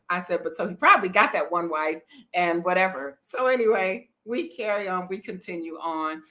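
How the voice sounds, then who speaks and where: A middle-aged woman, chatting to viewers in a lively storytelling vlog and laughing often. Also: lowish voice, moderate pace. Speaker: travel vlogger.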